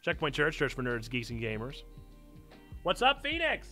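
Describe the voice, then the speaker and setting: A man's voice: medium pitch, huge pitch swings, normal speed, pushed and bright. A young man hosting a casual live stream, playfully reading from a book he wrote as a child and joking with his chat. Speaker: streamer and church host. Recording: faint piano music behind.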